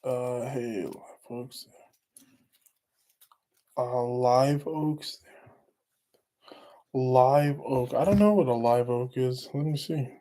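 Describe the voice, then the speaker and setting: A man's voice: medium pitch, extremely slow, long pauses, dark tone. A middle-aged man hosting a casual live stream, rambling through stories and chatting with viewers. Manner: rambling, laughs while telling stories. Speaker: livestream host.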